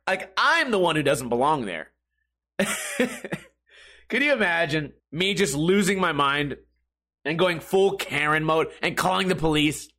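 Lively, bright-voiced man telling jokes. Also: a little high. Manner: self-mocking, laughs at own jokes, swears freely. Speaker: podcast host. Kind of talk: casual comedic storytelling.

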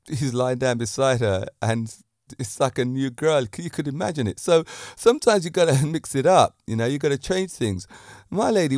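A fitness teacher hosts his own solo podcast on romance, speaking into a handheld mic in a medium-pitched voice. His delivery is lively and preachy, full of rhetorical questions, and the recording is dry with studio quality.

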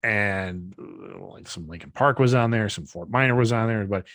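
A man in his thirties co-hosting a casual podcast chat, talking in a relaxed, rambling way with fillers. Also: on the low side, moderate pace, dry recording. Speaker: podcast co-host.

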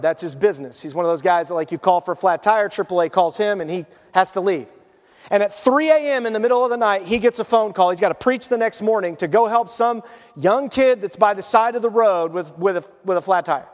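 Animated high-voiced preacher in echoing hall. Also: male voice. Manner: conversational and storytelling, drops to hushed tones for emotional moments. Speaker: pastor. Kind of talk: sermon. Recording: long church hall reverb.

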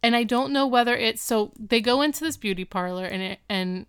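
Female podcast co-host, strikingly smooth and clear voice, dry close sound; chatty with quick wry jokes. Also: on the high side, dry recording. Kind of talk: casual chat recapping TV episodes.

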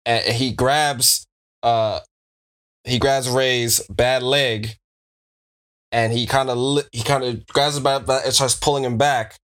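Relaxed man narrating a wrestling game. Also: medium pitch, slow. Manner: relaxed, loose narration with hedges. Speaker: game master.

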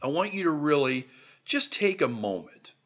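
A podcast host from the American heartland delivers an emphatic, exhorting monologue full of repeated rhetorical questions. His voice is a little high and fairly bright, swinging widely in pitch at normal speed, and the recording sounds muffled.

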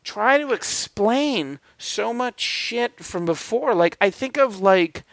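A man's voice: high-pitched, animated, takes it slowly, vocal fry, a bit bright, dry recording. A man in casual talk about films, rambling with many fillers and restarts, swearing now and then. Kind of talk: casual film discussion.

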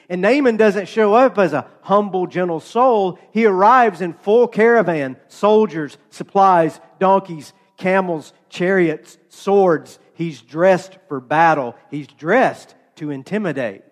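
A man's voice: high voice, measured pace, few pauses. A man preaching a sermon, telling stories in a conversational way with playful asides. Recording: long hall reverb.

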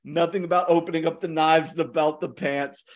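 Young male co-host with a high-pitched voice, an animated storyteller who jokes and laughs a lot. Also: moderate pace. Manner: animated, laughs often, joking asides. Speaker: podcast co-host. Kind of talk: casual storytelling chat.

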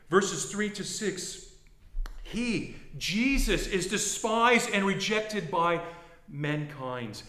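A male pastor with a high, bright voice delivers a dramatic sermon, dropping to a hush and then rising to a shout. The room around him rings with echo. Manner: dramatic, swings from hushed to shouting.

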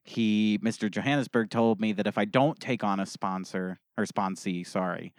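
An actor playing a gruff, defensive middle-aged man who drinks and makes threats, heard over a video call. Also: lowish voice, steady tone, moderate pace, no room sound, clean studio sound, close to an everyday voice. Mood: sheepish. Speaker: improv comedy guest.

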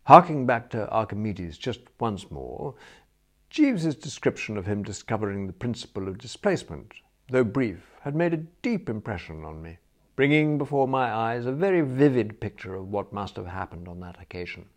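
A man's voice: fairly low pitch, normal speed. Man narrating a comic audiobook. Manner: lively, mock-grand storytelling.

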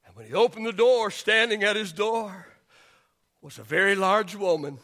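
A middle-aged male pastor preaching a sermon, repeating his words and building to shouts on key lines. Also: high voice, normal speed.

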